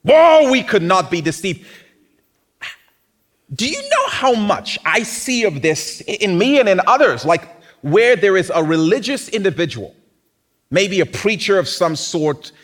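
A man's voice: sits high, sing-song, a little slow, fairly bright tone. A man preaching a sermon in a conversational, teasing way, often acting out mocking quotes.

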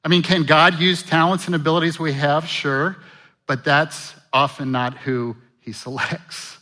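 A man's voice: a little high, measured pace. A man preaching a sermon, asking the congregation questions and acting out the voices of biblical figures. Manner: animated, acts out Bible voices, rhetorical questions. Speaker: pastor.

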